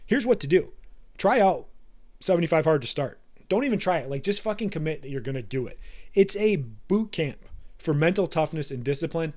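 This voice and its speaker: A man in his thirties hosting a podcast, giving a blunt, profane and forceful motivational monologue. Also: fairly high pitch, lively intonation, a little fast. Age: 30s. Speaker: podcast host.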